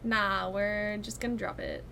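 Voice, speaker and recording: Bright-voiced chatty young woman streamer. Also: mid-range voice, fairly even intonation, a little slow, vocal fry, a little hiss or hum. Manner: chatty, giggly, talks to chat and herself. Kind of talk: casual gameplay chat.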